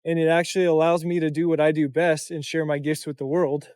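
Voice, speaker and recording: A man's voice: on the high side, little pitch movement, a little fast, darkish tone, smooth, dry recording, studio quality. A young man talking to camera in a casual vlog, tired, reflective, and full of loose run-on phrases. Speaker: content creator and coach.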